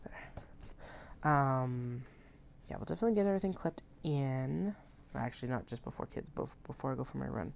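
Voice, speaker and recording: A woman's voice: a bass voice, normal speed, vocal fry, a little mellow, slight background noise. A woman in her thirties chatting casually and thinking aloud while she sews on a live stream at home, self-mocking and talkative. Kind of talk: casual chat while working.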